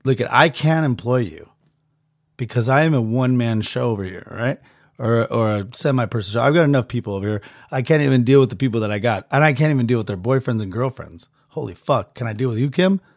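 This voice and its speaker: A man hosting a podcast, doing a crude, rambling mock sponsor rant that swings between loud bursts and mutters. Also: mid-range voice, expressive, quick pace, no echo, studio quality. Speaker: podcast host.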